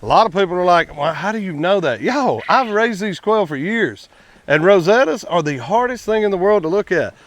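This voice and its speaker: A man's voice: high-pitched, lively intonation, normal speed. A man, chatting casually to viewers in a vlog while working outdoors at his quail pens, folksy and talkative. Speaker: quail farmer and channel host.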